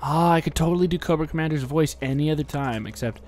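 A man's voice: on the high side, quick pace, a little mellow, slight background noise. A man giving goofy, rambling commentary while playing a video game, his voice worn out from a day of talking, keeping it down because people are asleep and joking at the enemies on screen. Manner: rambling, jokey, talks back at game enemies. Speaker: let's play commentator.

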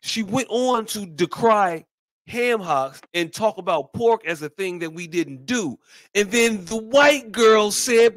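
An animated man rants on a podcast, swearing freely and breaking into mocking voices. His voice sits high for a man, and it comes through a close mic with a dry sound. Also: measured pace, no room sound. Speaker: podcast co-host. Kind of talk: casual podcast chat.

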